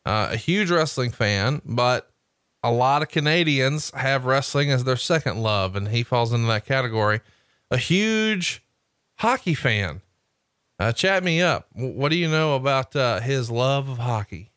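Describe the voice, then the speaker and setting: A man's voice: medium pitch, animated, normal speed, fairly bright tone, no room sound. A man co-hosting a podcast, upbeat and promotional, often tacking "man" onto his sentences. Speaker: podcast co-host. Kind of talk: casual podcast chat with ad reads.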